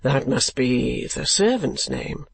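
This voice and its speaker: A man's voice: mid-range voice, animated, takes it slowly, creaky, a little hiss or hum, full character voice. A man voicing an eager, passionate young man in love in an audiobook, talking with vehement, pressing questions. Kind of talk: audiobook character voice.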